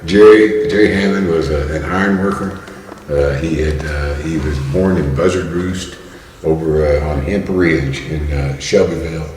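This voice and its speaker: A very deep-voiced man in his sixties from Kentucky spins a long story, stalling on fillers and restarting his phrases. His voice booms around a roomy hall with a long reverb and a faint hiss underneath. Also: moderate pace, a little mellow. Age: 60s. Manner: rambling with many fillers and restarts. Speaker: guest. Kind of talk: storytelling in casual talk.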